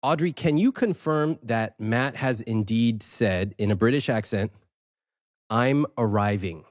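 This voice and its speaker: A man's voice: mid-range voice, unhurried, dry recording, studio quality. A man from the United States interviewing a guest, playful and given to bursts of laughter. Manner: playful, giggly, animated. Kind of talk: casual interview. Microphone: studio microphone.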